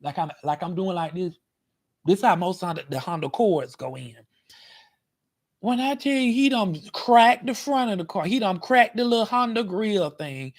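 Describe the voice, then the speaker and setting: A man telling a story in a casual vlog, animated and dramatic, acting out the scene. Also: high-pitched, normal speed. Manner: animated, dramatic, acts out scenes with cries and shouts. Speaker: vlogger. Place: parked car.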